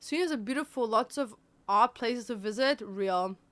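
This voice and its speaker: A woman's voice: a little high, moderate pace. A woman, chatting casually and bluntly on a livestream, teasing and joking. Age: 20s. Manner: blunt, teasing, switches between English and German. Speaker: streamer.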